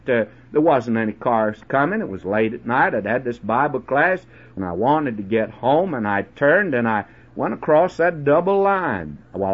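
Husky preacher telling a folksy story. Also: male voice, mid-range voice. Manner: conversational storytelling, many halting uh restarts. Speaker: radio preacher. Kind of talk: folksy sermon with personal anecdote. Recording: dull lo-fi old radio recording.

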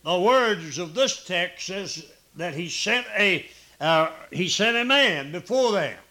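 Male preacher in the pulpit, folksy and repetitive, voice sits a bit high. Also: lively intonation, bright, forceful tone. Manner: folksy, with frequent "uh" pauses and repeated emphasis. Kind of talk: sermon.

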